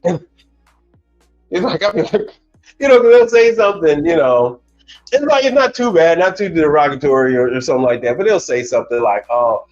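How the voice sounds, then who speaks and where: A man talking casually on his own livestream, looping back and restarting as he goes. His voice sits a bit high for a man. The sound is dull and lo-fi, with faint music behind him. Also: expressive, a little fast. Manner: casual, repetitive, starts over a lot. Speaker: commercial appliance technician hosting a livestream.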